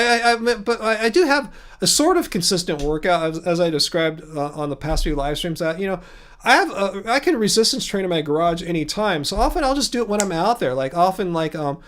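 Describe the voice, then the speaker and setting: A man with a fairly high voice hosts a relaxed livestream, chatting through viewer comments. He rambles, circles back on himself and restarts often, with small chuckles along the way. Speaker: livestream host. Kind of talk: casual livestream chat answering viewer comments.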